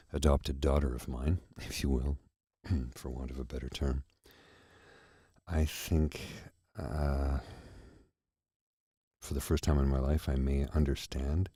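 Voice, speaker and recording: A man hosting a soft-spoken ASMR chat, reflective and halting, with pauses and restarts, close to the mic in a quiet room. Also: a bass voice, husky, no echo. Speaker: host.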